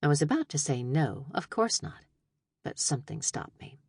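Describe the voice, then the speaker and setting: A woman narrating a first-person audiobook in an expressive, wry storytelling manner. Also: low voice, moderate pace, husky, no echo. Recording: dry studio narration.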